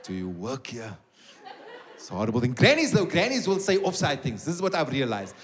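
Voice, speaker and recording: A man's voice: a little high, fast. A middle-aged South African man doing live stand-up, telling stories with acted-out voices and asides to the audience. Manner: animated storytelling with acted-out voices and asides to the crowd. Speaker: stand-up comedian. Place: live comedy venue with an audience. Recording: loud live crowd and background noise. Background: audience laughter and applause.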